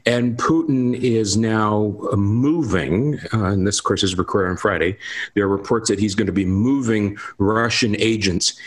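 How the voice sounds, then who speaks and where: A man's voice: fairly low pitch, moderate pace. A man giving emphatic commentary on politics in a lecturing, insistent manner. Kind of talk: political discussion.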